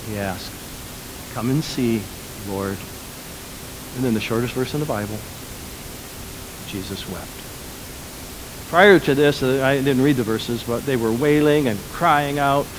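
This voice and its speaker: A man pastor preaching a sermon, swinging between loud, emphatic lines and quiet, lowered ones. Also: background noise.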